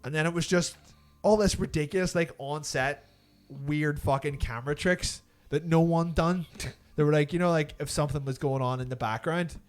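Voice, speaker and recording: Animated man, swearing. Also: fairly high pitch, normal speed, clean tone. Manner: animated, swearing, does mocking voices in quotes. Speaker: podcast co-host. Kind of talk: casual chat.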